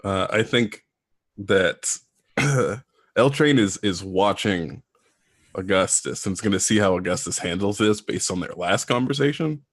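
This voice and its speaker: A man's voice: on the low side, animated, measured pace, dry recording. A man playing in a tabletop game, explaining his character's plans in a thoughtful, hesitant way. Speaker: player. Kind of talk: casual tabletop game chat.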